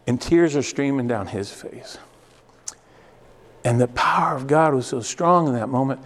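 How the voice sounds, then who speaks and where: A man's voice: mid-range voice, long reverb tail. A man preaching, telling a personal story that rises into fervent preaching. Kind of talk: testimony sermon.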